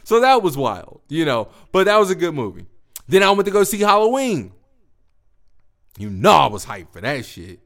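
Young man, podcast host, casual profane storytelling, lively swooping voice, fairly high pitch. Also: normal speed. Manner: profane, animated, slangy storytelling.

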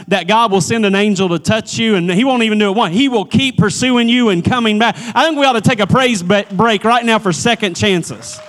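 A male pastor preaching a sermon in an energetic, emphatic manner, calling out to the congregation. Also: high voice.

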